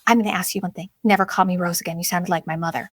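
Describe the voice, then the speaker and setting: A woman's voice: lowish voice, steady tone, racing, no echo, studio quality, voice pushed down, lightly acted. A woman putting on her whiny older mother. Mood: indignant. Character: fretful self-pitying older mother.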